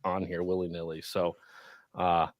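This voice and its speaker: A man hosting a casual podcast chat, mocking and profane, animated as he goes. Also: sits low, measured pace, dry recording, dull audio. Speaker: podcast host.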